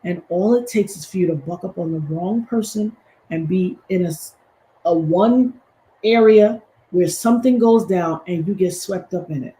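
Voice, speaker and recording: A woman's voice: lowish voice, moderate pace, mellow, low-quality recording. A woman hosting a livestream. She talks emphatically and preaches, with sassy asides. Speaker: commentary host. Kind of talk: animated livestream commentary.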